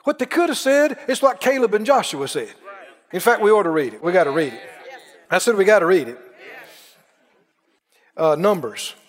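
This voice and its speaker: A man preaching a sermon in a folksy way, dropping low and quiet, then rising to shouts. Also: sing-song, normal speed, pauses often. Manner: folksy, dips soft then rises to shouts. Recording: long reverb of a large hall.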